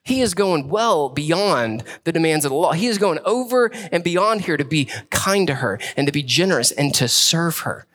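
A man, preaching a sermon in a conversational, animated way with quick asides. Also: a little high. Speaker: pastor.

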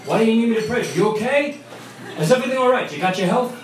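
A man's voice: very high voice, lively intonation, pitched above the performer's own voice. A man voicing a worried older male friend from New on the phone, firing off anxious questions. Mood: fretting. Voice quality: fussing, rapid-fire questions. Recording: echoey pub from far off.

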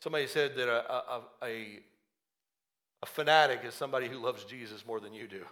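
A male preacher telling a Bible story in an animated sermon, often acting out its characters. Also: mid-range voice, brisk.

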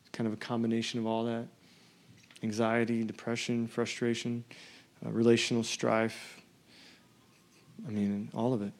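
A man's voice: mid-range voice, monotone, normal speed, pauses often. A man in his thirties preaching a sermon, reading scripture and telling a personal story in an earnest, conversational way. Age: 30s. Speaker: pastor.

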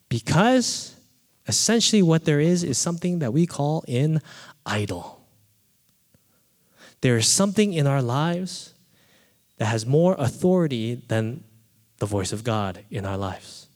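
A man preaching a sermon, telling a personal story with animated delivery and acting out his own quoted thoughts. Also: on the high side, measured pace, pauses often. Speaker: pastor. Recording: reverberant hall.

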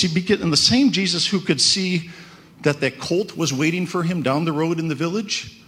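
A man's voice: on the high side, lively intonation, moderate pace, sharp tone, slight background noise. A man preaching a conversational sermon, often checking in with "right?". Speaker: pastor.

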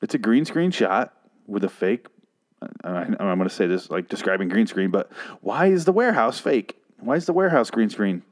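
A man's voice: on the low side, big pitch swings, normal speed. A man casually recapping a TV episode, ranting angrily and profanely, often restarting his sentences. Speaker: TV episode reviewer.

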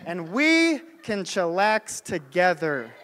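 A man's voice: high-pitched, sing-song, takes it slowly, fairly bright tone, in a large hall, some chatter behind, full character voice. A man voicing a laid-back, friendly man who casually invites weary people over, loose and playful in tone.

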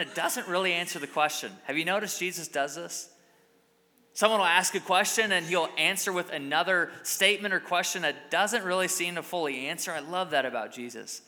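A man's voice: high-pitched, pushed and bright, long reverb tail. A male pastor giving a sermon in a church, conversational and emphatic. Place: church sanctuary.

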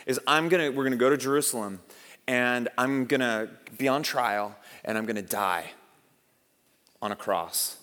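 A man voicing a calm, resolute male teacher who speaks low, soft and solemn. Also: moderate pace, big-room sound, natural voice.

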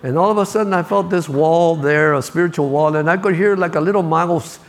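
A man's voice: on the high side, fairly quick. An older man preaching a sermon, telling stories and repeating key lines for emphasis.

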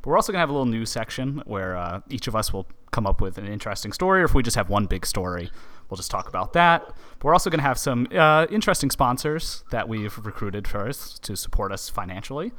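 A man's voice: on the low side, fast talker. Laid-back male podcast co-host. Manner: relaxed, rambling, with fillers. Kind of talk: casual podcast chat.

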